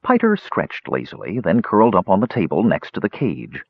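Expressive storybook narrator, male, husky lower voice, dry lo-fi sound. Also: moderate pace, dry recording. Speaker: audiobook narrator. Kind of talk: scripted fantasy narration. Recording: slightly dull lo-fi recording.

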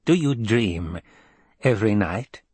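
A man's voice: fairly low pitch, expressive, takes it slowly, slightly rough, no room sound, full character voice. A man voicing a stern, domineering old woman elder in an audiobook reading, with a commanding, clipped manner. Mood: probing. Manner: commanding and clipped, softening at times.

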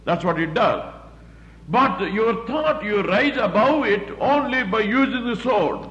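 A man's voice: high-pitched, animated, a bit bright. Man preaching a sermon, echoey room. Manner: plain-spoken, repetitive, halting with fillers. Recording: roomy, muffled recording with faint background hum.

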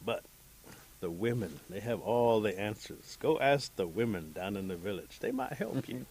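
A man voicing a big, pitying male bear in a told folktale, giving calm, kindly advice. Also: on the low side, moderate pace, slight background noise, low-quality recording.

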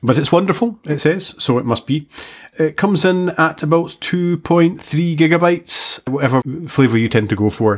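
A man hosting a casual podcast chat, joking and teasing himself as he talks. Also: fairly high pitch. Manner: joking, self-mocking. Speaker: podcast host.

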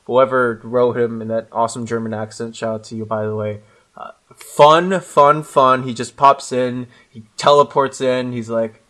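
A man's voice: mid-range voice, steady tone, normal speed, fairly bright tone. A man co-hosting a casual comic book podcast, upbeat and chatty as he recommends his favorite parts. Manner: upbeat, chatty, slips into playful character voices. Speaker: podcast co-host.

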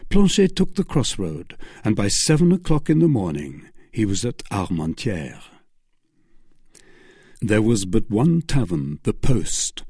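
A male narrator tells a classic adventure story with measured, expressive phrasing. His voice is husky with a lively pitch range. The recording is close and dry, with no room sound. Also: no room sound. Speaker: audiobook narrator. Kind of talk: scripted narration of a classic novel.

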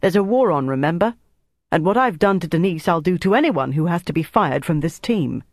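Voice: medium pitch, animated, fairly quick, no echo, studio quality. An audiobook reader voicing a commanding young woman who leads a wartime team, firm and impatient. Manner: firm and bossy.

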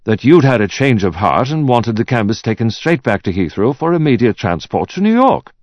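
A man voicing a composed male art expert who answers with dry, unruffled calm. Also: mid-range voice, a little fast, no room sound, muffled recording, pitched above the performer's own voice, natural voice. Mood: cool. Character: cool, composed male auction-house expert.

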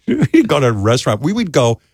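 A man hosting a talk show, telling a self-deprecating comic story in animated casual chat and jumping into quoted voices. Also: medium pitch, normal speed, breathy edge, no echo. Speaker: host.

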